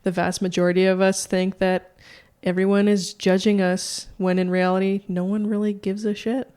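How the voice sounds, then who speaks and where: A woman's voice: mid-range voice, level tone, moderate pace, warm tone, smooth. A woman co-hosting a podcast, speaking in a friendly, earnest and agreeable way. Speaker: podcast co-host. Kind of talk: casual chat.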